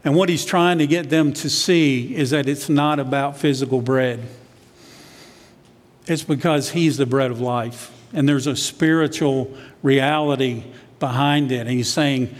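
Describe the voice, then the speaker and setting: A man's voice: medium pitch, steady tone, unhurried, in a large hall. A man, a church elder, preaching a sermon in a conversational way, sometimes acting out what the disciples said.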